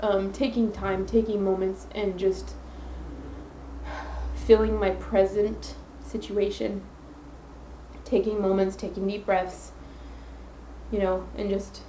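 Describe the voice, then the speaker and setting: A woman's voice: medium pitch, flat delivery, slow, pauses often, mellow. Brief: woman solo podcast host, sincere and rambling, phone mic in an echoey room with faint hum. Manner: earnest, rambling with self-affirmations.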